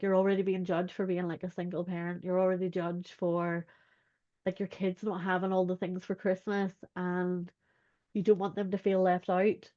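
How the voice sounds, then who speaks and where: A woman's voice: mid-range voice, dark tone. A woman, talking earnestly as a podcast guest, with "like" in most sentences. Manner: earnest, uses "like" a lot. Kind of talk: candid personal chat. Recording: dull lo-fi sound.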